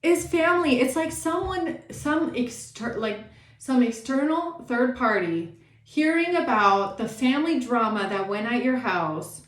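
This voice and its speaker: A woman giving a casual tarot reading, animated and sassy, swearing often and acting out the people she talks about. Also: on the high side, a little slow, roomy sound. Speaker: tarot reader.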